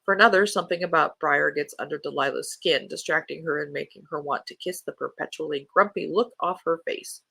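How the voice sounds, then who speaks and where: A book podcast host chatting casually and reading new-release blurbs aloud in an even storytelling way. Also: medium pitch, brisk, vocal fry, hardly any pauses, breathy edge, no room sound.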